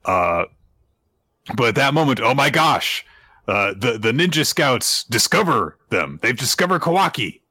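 Lively man recapping a story. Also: medium pitch, unhurried, husky, no echo. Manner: animated storytelling, acts out character quotes, many "uh"s. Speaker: podcast co-host recapping manga. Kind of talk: casual chat, retelling a chapter.

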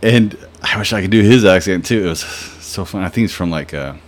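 This podcast host has a low-sitting voice and talks fairly quickly. He's a young man telling meandering, foul-mouthed stories full of filler words in a laid-back show.

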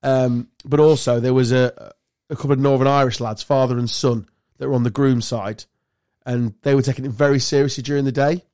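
A man's voice: medium pitch, fairly even intonation, a little fast, darkish tone, no echo, studio quality. Podcast guy cracking up telling stories, swears a lot, mid voice. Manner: swearing, laughing storyteller. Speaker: podcast co-host. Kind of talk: casual banter.

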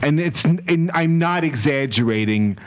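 A man's voice: fairly high pitch, lively intonation, unhurried. A man playing a flustered pet owner in a comedy sketch, rambling and hesitant, with full of restarts. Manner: bursts into emotional crying outbursts.

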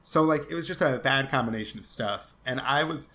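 A man co-hosting a casual podcast chat, spinning a story with lots of energy and acting out other people's lines. His voice is bright and forward, at a middle pitch for a man. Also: fairly quick. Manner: animated storyteller who acts out quotes and laughs often. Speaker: podcast co-host.

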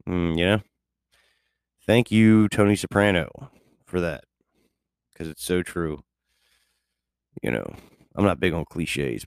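A man with a very low, gravelly voice rambles unhurriedly through a casual monologue, laid-back, profane, and chuckling often. The recording is dry and close, with no room sound.

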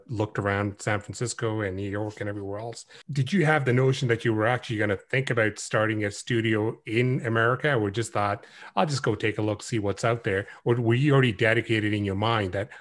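A man's voice: lowish voice, fairly quick. A male podcast host asking a long, hesitant question full of fillers. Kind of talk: interview questioning.

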